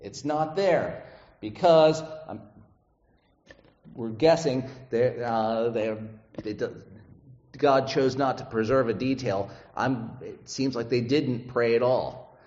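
A male pastor giving a conversational sermon, often checking in with his listeners with a quick question. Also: mid-range voice, darkish tone. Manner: conversational, asks the congregation "right?" often. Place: church sanctuary. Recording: echoey church hall, dull lo-fi sound.

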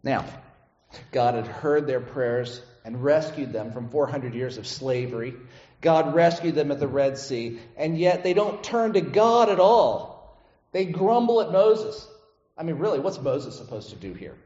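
A man's voice: fairly high pitch, lively intonation, a little slow, dark tone. Man, pastor, conversational sermon, frequent "right?" asides, roomy church sound, muffled recording. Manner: conversational, asks the congregation "right?" often. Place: church sanctuary. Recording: echoey church hall, dull lo-fi sound.

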